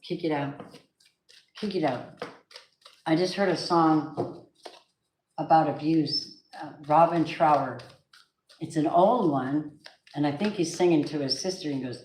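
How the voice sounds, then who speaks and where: A woman with a low voice reads tarot cards aloud in a loose, emphatic way and talks straight to her viewers. Her voice bounces around a reverberant room. A faint hiss sits under the recording. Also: a little slow, pauses often, darkish tone. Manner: chatty, emphatic, sings snatches of songs. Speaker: tarot reader. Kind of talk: casual tarot reading monologue. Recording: echoey room with faint noise.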